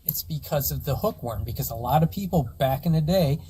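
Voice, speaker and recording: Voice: mid-range voice, expressive, a little fast, dark tone, husky. A debate participant who keeps interjecting to insist on a point. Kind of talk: casual debate chat.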